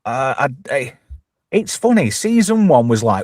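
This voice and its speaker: An English man from the East Midlands hosts a live chat show, cursing freely and rambling through jokey banter. His voice swings widely in pitch. The sound is dry and close. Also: sing-song, measured pace, darkish tone, no echo. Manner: swearing, blunt, rambling and jokey. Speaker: host.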